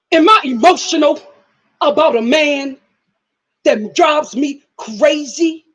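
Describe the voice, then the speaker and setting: A woman voicing an emotional, defensive young single mother in a plaintive, drawn-out way. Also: high-pitched, fairly bright tone, heavily acted.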